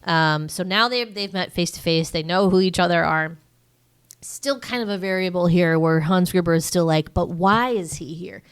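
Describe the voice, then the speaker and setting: A woman's voice: lowish voice, moderate pace, clear, resonant tone. A woman co-hosting a podcast, recapping a movie in a rambling, joking way with many fillers. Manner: rambling, filler-heavy, jokey asides. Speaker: podcast co-host. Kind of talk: casual movie recap chat.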